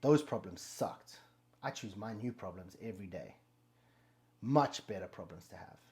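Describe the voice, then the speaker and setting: A man's voice: fairly low pitch, expressive, normal speed, darkish tone. A man hosting a motivational talk, speaking bluntly and emphatically with heavy swearing. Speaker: motivational podcast host. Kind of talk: motivational monologue.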